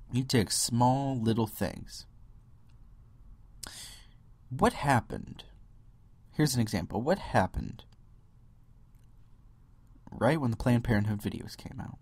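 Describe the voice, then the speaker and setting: A man's voice: medium pitch, darkish tone, no room sound. A young man hosting a solo podcast, ranting and mocking other views with impressions and sudden whispers. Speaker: podcast host. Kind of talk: solo political rant.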